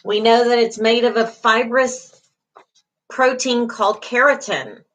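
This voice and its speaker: A woman's voice: a little high, steady tone, a little slow, a bit bright, rough recording. A middle-aged woman instructing a class, going over material patiently, repeating key terms and reassuring her students, with frequent fillers. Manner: repetitive, reassuring teaching with fillers. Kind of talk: online class lecture.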